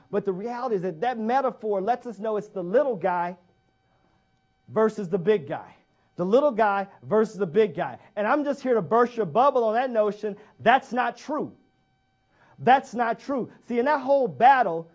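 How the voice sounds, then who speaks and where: A man's voice: high-pitched, darkish tone. A man giving a motivational speech, who drives points home by repeating key phrases and asking the audience direct questions. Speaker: motivational speaker.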